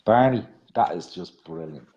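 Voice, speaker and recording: Guy on the radio reading rhyming poems, lines trail off soft, then chatty and jokey. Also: deep voice, animated, normal speed, highs cut off. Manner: chatty and self-mocking between readings. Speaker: radio host.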